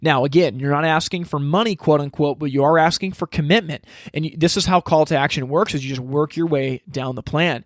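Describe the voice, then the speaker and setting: A man teaching a step-by-step sales process in casual, energetic talk, acting out lines he would say to customers. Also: fairly high pitch, fairly quick, few pauses, no room sound, studio quality. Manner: energetic, acts out customer dialogue, frequent restarts. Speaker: sales trainer.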